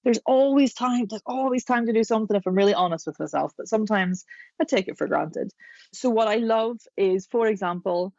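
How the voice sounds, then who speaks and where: A woman's voice: medium pitch, darkish tone, dry recording. Chatty woman voice coach, dull dry sound. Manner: chatty, demonstrative, often slows to explain. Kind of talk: podcast interview, guest explaining.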